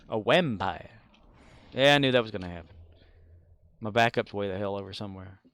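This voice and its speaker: A man's voice: lowish voice, quick pace, a bit bright, clean tone. A man streaming a game, chatting casually with viewers in a rambling way and chuckling often. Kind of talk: casual live-stream chat.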